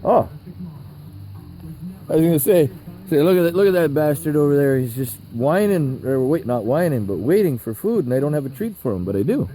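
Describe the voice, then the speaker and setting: A man's voice: on the high side, animated, dark tone, poor audio. A man chatting casually outdoors while feeding animals and filming, swearing a lot and tagging lines with "eh?". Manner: swears a lot, drawn-out "eh?" tags. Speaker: vlogger. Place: outdoors on a rural property. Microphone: handheld camera.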